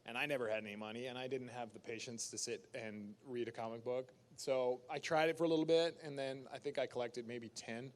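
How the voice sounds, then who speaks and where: A man from Canada at a fan convention panel, talking casually into a handheld mic. His voice sits mid-range and leaps up when he acts out other people. He is a lively storyteller who laughs easily. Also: medium pitch, fairly quick, hardly any pauses.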